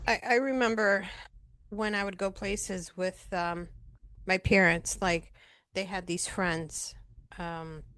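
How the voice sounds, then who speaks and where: A woman's voice: lowish voice, a bit bright. Chatty middle-aged woman telling stories. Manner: chatty anecdotal storytelling. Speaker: podcast co-host. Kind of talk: casual chat.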